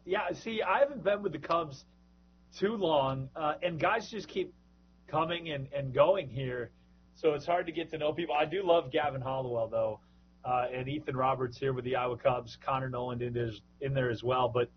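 A man's voice: medium pitch, normal speed, slight background noise. Chatty man on a muffled call. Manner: chatty, joking, lively. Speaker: minor league baseball broadcaster, podcast host. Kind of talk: casual podcast chat.

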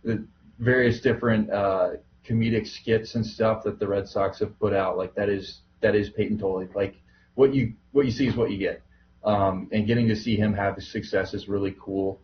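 A man's voice: on the low side, fairly even intonation, moderate pace, dull audio, slight background noise. A man talking casually on a podcast, easygoing and rambling with fillers. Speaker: minor league baseball broadcaster, podcast guest.

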